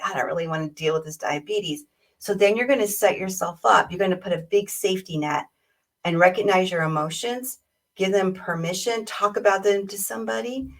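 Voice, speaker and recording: Woman coach talking on a video call, easygoing, mic kinda distant. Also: mid-range voice. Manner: warm, conversational, acts out patient exchanges. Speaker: diabetes educator. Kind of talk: webinar talk.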